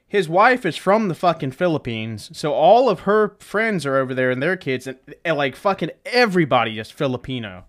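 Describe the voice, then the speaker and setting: A young man hosting a casual solo podcast, rambling and joking with plenty of profanity. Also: mid-range voice. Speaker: podcast host. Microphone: desk setup with webcam.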